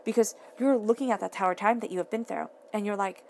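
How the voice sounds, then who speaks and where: Earnest woman tarot reader, gravelly fry. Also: medium pitch, fairly even intonation, fast, hardly any pauses, a little mellow, slight background noise. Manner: earnest, repeats and restates phrases; emphatic, talks straight to the listener. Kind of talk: casual tarot reading to camera.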